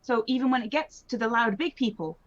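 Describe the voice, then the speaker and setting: A woman's voice: on the high side, brisk, no echo. A woman playing a tabletop game, talking in a hesitant, stumbling way as she plans. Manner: hesitant, stumbling over words. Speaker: player. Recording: dull lo-fi stream audio.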